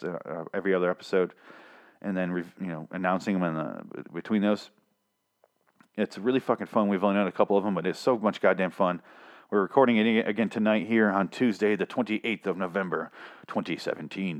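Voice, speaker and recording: A young man hosting a podcast, recapping a comic in casual, profane talk and acting out characters' lines in a raised voice. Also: lowish voice. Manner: profane, animated, acts out quotes in raised voice. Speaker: podcast host.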